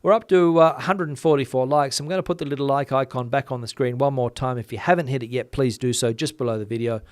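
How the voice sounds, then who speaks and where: A man with a mild Australian accent rambles through viewer comments in a casual, quick, filler-heavy way. His voice sits at an ordinary middle pitch. The sound is close and dry. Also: no room sound. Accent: Australian, softened. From Western Australia. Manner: chatty, many fillers, talks fast. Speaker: channel host. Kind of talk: casual livestream chat reading comments.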